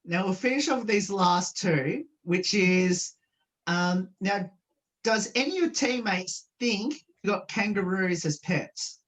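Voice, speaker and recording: A woman's voice: mid-range voice, takes it slowly. A woman radio host interviewing a guest over a video call, reading her questions with many "um" and "uh" fillers. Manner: reads questions, hesitant fillers. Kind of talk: remote interview.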